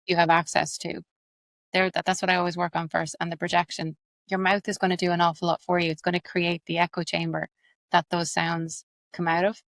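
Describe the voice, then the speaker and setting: Woman, Irish accent, accent coach, quick lively explainer, slightly low voice. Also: creaky, dry recording. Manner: fast, animated, explains with examples. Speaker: accent coach and actress, guest. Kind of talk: explanatory interview talk.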